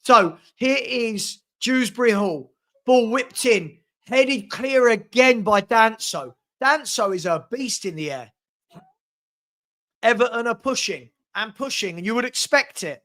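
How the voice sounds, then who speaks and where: A man calling a football match as a fan at home. His commentary is partisan and excitable, getting loud at big moments. It sounds like a casual stream from a home room. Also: very high-pitched, a little slow. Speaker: fan watch-along commentator. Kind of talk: live match watch-along commentary.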